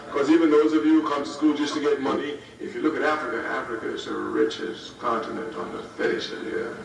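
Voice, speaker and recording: A man's voice: a little high, a bit bright. Emphatic man speaking in an echoey hall. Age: 50s. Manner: emphatic, repeats key phrases for effect. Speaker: speaker addressing students. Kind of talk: political speech. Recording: roomy, distant archive recording with faint hiss.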